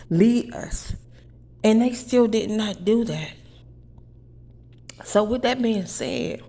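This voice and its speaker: A woman delivering a heated, profane monologue in her apartment, preaching and repeating her phrases. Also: fairly low pitch. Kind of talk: angry monologue to camera.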